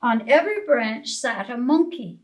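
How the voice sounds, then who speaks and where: A woman librarian reading a picture book aloud to young children, expressive and asking them questions. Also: a little high, noisy background. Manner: slow, sing-song, expressive, asks children questions. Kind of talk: preschool storytime reading.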